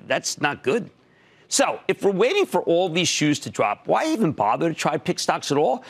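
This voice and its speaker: A man in his sixties hosting a stock market TV show, giving emphatic, punchy commentary and taking callers. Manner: emphatic, punchy, jumps between loud and low.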